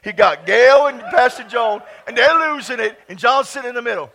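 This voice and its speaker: A man preaching a charismatic sermon in a church, exuberant, breaking into laughter and shouted praise. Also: very high-pitched, animated, fairly quick, vocal fry, a crowd in the background. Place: church sanctuary.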